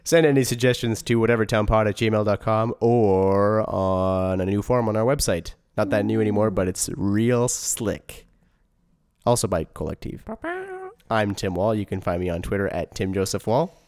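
A man's voice: lowish voice, fairly even intonation, normal speed, darkish tone, clean tone. A man hosting a casual podcast, playfully reading out the show's credits and sign-off. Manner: playful, reads show credits. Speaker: podcast host.

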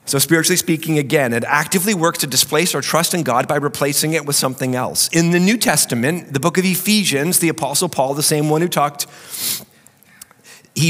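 Male pastor, sermon delivery, voice cracking from a cold, emphatic, a touch high, reverberant sanctuary sound. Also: a bit bright. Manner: emphatic preaching with joking asides. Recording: long reverb of a large hall.

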